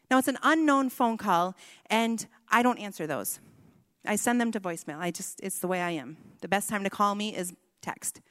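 A woman's voice: medium pitch, no echo, long reverb tail. A woman in her thirties telling a personal family story, with self-deprecating humor and quoted dialogue. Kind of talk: personal testimony talk.

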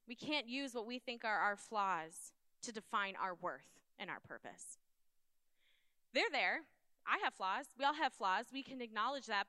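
A woman's voice: on the high side, sharp tone, clear, resonant tone, dry recording. A woman giving an earnest, conversational sermon, speaking directly to her listeners.

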